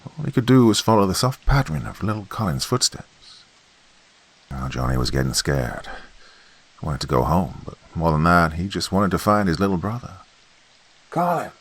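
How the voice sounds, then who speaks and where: Gravelly deep-voiced horror storyteller. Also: male voice, big pitch swings, normal speed. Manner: folksy campfire telling, swings between loud and hushed. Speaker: horror podcast narrator.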